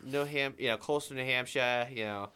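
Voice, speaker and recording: A man, co-hosting a casual podcast, talking fast with casual swearing and reading stories aloud. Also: mid-range voice, sharp tone, clean tone. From New England. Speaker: podcast co-host.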